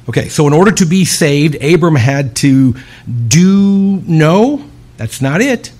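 A man preaching a sermon, emphatic, with long dramatic pauses and sudden hushed drops. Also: on the high side, expressive, slight background noise.

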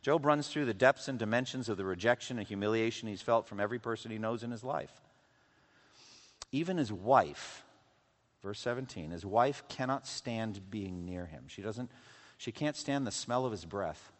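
A man preaching a sermon, swinging from loud, intense passages to hushed, quiet lows. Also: lively intonation, moderate pace. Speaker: pastor. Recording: long hall reverb.

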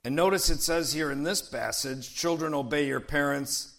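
Emphatic male preacher with a bright voice. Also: a little high, gravelly. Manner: emphatic preaching, calls out "Amen?" to the congregation; slows right down to stress key phrases. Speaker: pastor. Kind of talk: sermon.

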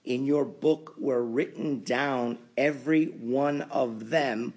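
A man preaching a sermon as pastor, building to emphatic loud peaks and then dropping to quiet asides. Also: mid-range voice, slow, hardly any pauses.

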